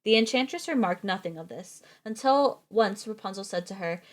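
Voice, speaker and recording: A woman's voice: medium pitch, lively intonation, normal speed, hardly any pauses. A woman streamer reading fairy tales aloud, breaking off for joking, swearing asides and stumbling over words. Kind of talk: storybook reading with casual commentary.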